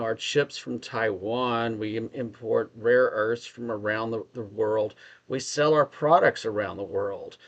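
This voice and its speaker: A man with a Texas accent co-hosting a casual political discussion, thinking aloud, restarting sentences and asking questions. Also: medium pitch. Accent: Texan. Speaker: podcast co-host.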